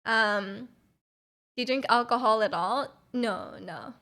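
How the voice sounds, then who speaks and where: A woman's voice: a little high, slow pace, bright, forceful tone. A woman streamer chatting casually with viewers, full of fillers and giggles, her throat a little off. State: throat feels off.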